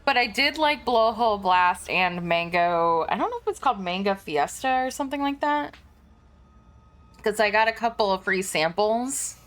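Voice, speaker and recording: A woman's voice: mid-range voice, expressive, moderate pace, a bit bright. A woman streamer chatting casually, laughing often and swearing, as she reads game text aloud.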